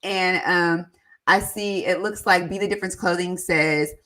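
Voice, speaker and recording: A woman on a relaxed live stream, talking money with her viewers in a chatty, warm way. Her voice sits fairly low, but it has a bright, forceful edge. She leans on fillers and makes sudden leaps upward in pitch when she gets excited. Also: measured pace. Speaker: personal finance livestream host. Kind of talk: casual live-stream chat, reading viewer comments aloud.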